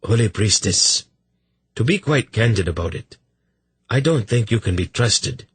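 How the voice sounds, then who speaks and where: For an audiobook, a man voices a nervous, sly little king with a rat-like face, hastily placating before stiffly asserting himself in a haughty mood. It's a full character voice, pitched above his own fairly low, husky, fairly bright natural voice, with lively intonation and an unhurried pace. The recording is dry.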